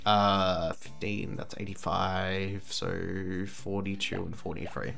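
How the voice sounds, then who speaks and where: A man's voice: sits low, level tone, takes it slowly, vocal fry. A man in his twenties giving casual let's-play commentary, rambling and easily sidetracked, full of fillers and restarts. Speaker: gaming channel host. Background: game music.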